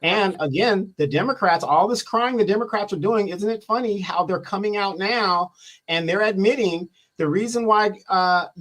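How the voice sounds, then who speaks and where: A man's voice: high voice, moderate pace, fairly bright tone. A man giving opinionated political commentary, repeating his points and asking rhetorical questions. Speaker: co-host or guest commentator.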